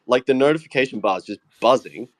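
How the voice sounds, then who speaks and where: An Australian man and AI agent developer chatting excitedly on a group call, swearing freely and laughing often. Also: medium pitch, fast talker.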